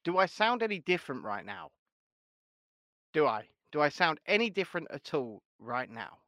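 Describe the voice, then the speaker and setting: A man's voice: fairly high pitch, sing-song, normal speed, a bit bright, no room sound, clean studio sound. A man hosting a casual live stream chat, swearing and laughing as he banters with viewers and his co-host. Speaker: livestream host.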